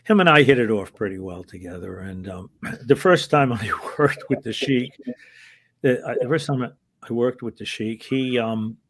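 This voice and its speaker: A man's voice: medium pitch, moderate pace, slight background noise. A man, a former wrestling referee, telling anecdotes in an interview in a hesitant, rambling way and chuckling as he goes. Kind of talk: casual anecdotal storytelling.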